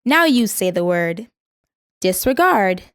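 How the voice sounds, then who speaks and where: Woman reading vocab words and definitions, measured, every word said twice, dry close sound. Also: mid-range voice, very animated, a bit bright, smooth, dry recording. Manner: measured, says each word twice for repetition. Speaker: vocabulary instructor. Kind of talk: scripted vocabulary lesson.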